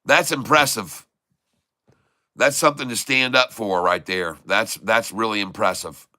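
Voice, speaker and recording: This stock trading channel host delivers excitable live market commentary, mocking short sellers and repeating prices again and again. His voice sits on the low side, his pace is unhurried, and there's no echo.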